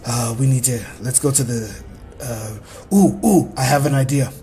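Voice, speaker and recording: Man putting on a one-eyed male prisoner, hushed, quick, conspiratorial, tabletop game. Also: medium pitch, close to an everyday voice. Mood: scheming.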